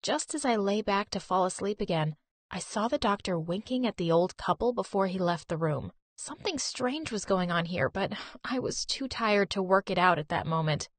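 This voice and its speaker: Lively young woman narrating a story. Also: medium pitch, normal speed, no room sound. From Turkey. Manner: lively, expressive, conversational.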